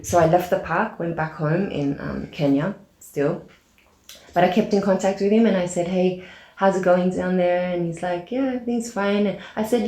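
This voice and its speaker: A low-pitched woman tells a personal story in a relaxed interview, with plenty of fillers and restarts. She acts out the lines she quotes as she goes. The room adds a noticeable echo. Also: moderate pace. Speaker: podcast guest, aid organization founder. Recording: roomy echo.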